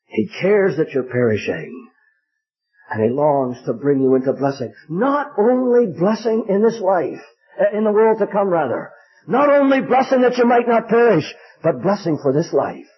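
A man's voice: very animated, normal speed. Older man preaching a fervent, pleading sermon. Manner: fervent, pleading, sweeping pitch swings. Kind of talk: evangelistic sermon. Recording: dull lo-fi recording.

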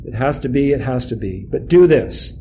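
A man voicing a weary, grieving aged father, speaking quietly and slowly. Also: mid-range voice, animated, slight background noise, natural voice, rough recording. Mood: resigned. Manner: quiet, slow and heavy.

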